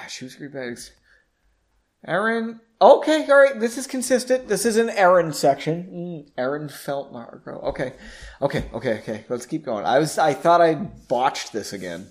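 A man's voice: on the high side, very animated, normal speed. Chatty man reading a story aloud. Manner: chatty, self-correcting, jokey asides. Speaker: reader. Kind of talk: casual storybook reading with asides.

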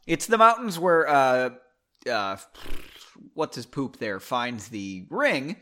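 A man's voice: medium pitch, big pitch swings, slow, a bit bright. A man reading his own novel aloud, stopping for rambling, self-deprecating asides. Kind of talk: audiobook reading with casual asides.

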